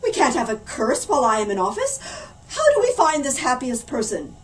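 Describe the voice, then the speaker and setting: A pompous, blustering storybook mayor, put on by a woman reader, bossy and loud. The voice rides high and swoops widely. It sounds picked up from across a room with a faint hum behind. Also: wildly swooping pitch, fairly quick, distant mic. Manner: loud, bossy and self-important. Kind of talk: storybook reading.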